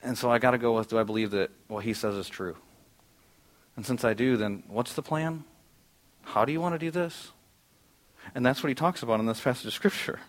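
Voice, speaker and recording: Middle-aged man, pastor, conversational sermon, rhetorical questions, medium pitch. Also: fairly quick, pauses often. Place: dark church auditorium.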